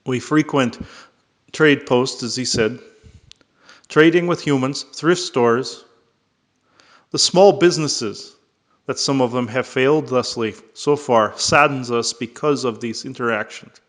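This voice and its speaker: A man voicing a tall male alien trader in a halting, formal way with a faintly Russian-like accent. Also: mid-range voice, fairly bright tone, close to an everyday voice. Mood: solemn. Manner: slow, halting, formal phrasing.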